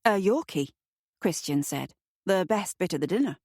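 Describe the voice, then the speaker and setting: A woman's voice: lowish voice, expressive, moderate pace, darkish tone, no room sound, clean studio sound. A woman voicing a jovial British man who enjoys his food.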